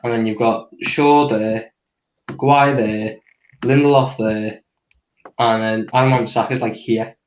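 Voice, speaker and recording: Man, tactics analyst, explanatory, echoey room, mid pitch. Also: fairly even intonation, unhurried, muffled recording, a little hiss or hum. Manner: explanatory, walks through positions on a drawing. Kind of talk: casual tactical breakdown.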